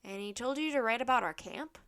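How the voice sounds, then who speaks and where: A woman voicing a stern male Roman centurion who barks loud demands in a storybook reading. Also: fairly high pitch, fairly quick, clean tone.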